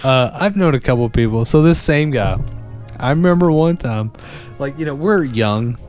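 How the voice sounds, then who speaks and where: Animated man telling a story. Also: mid-range voice, normal speed, faint music behind. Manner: animated, swearing, acts out quoted voices. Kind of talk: casual storytelling chat.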